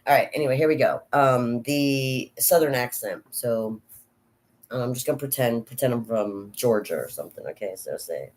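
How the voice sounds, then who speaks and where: A woman's voice: a bass voice, lively intonation, moderate pace, darkish tone. Middle-aged american lady rambling on her vlog, lots of starts and stops. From United States. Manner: rambling, many restarts and asides. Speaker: vlogger, actor. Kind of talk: casual chat.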